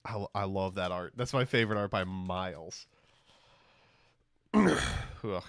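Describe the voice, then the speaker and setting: A man's voice: low-pitched, slow, creaky, a bit bright, dry recording. Male streamer, casual card-opening chat, crude jokes, rambling, dry close sound. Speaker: streamer opening trading cards.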